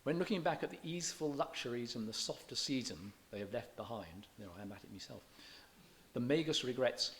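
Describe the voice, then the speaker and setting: A visiting English lecturer with a mid-range, fairly bright voice talks animatedly and fairly quickly about poetry in a church hall, with slight background noise. His chatty lecture digresses often, and he keeps stopping to correct himself.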